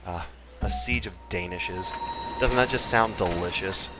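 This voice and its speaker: A man's voice: fairly low pitch, a bit bright, a little hiss or hum. A man hosting a casual Let's Play, cracking jokes and trailing off into mumbled asides as he explains his moves. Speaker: gaming channel host.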